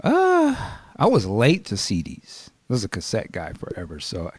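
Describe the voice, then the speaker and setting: A man hosting a casual podcast chat, laughing easily and trailing off quietly. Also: fairly low pitch, huge pitch swings, normal speed, husky, no echo.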